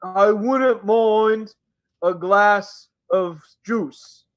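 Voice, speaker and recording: A man voicing a shy, gentle male ogre who reads books and speaks slowly and politely. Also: high voice, lo-fi sound, pitched above the performer's own voice. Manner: slow, polite, soft-spoken.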